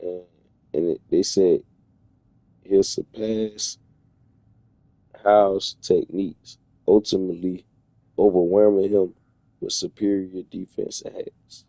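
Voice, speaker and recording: Gravelly-voiced man ranting in disbelief. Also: deep voice, fairly even intonation, slow, pauses often, warm tone, no room sound. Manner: incredulous, profane, rambling rants. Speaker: streamer. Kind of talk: casual reaction commentary.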